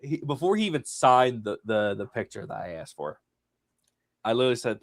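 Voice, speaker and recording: A man co-hosting a podcast, chatting casually and telling a story with big swings between loud and soft. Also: mid-range voice, big pitch swings, fairly quick, no room sound, clean studio sound. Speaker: podcast co-host.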